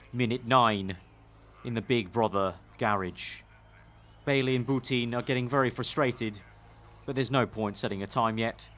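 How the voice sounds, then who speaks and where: A man putting on a deadpan male reality-show voice-over narrator with a mild Northern English accent, low, flat and droll. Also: close to an everyday voice.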